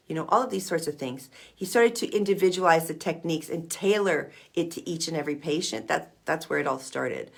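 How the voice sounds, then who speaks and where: A woman coaching self-hypnosis in a casual explainer video, chatty and playful, often checking in with "okay?". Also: sits low. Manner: playful asides.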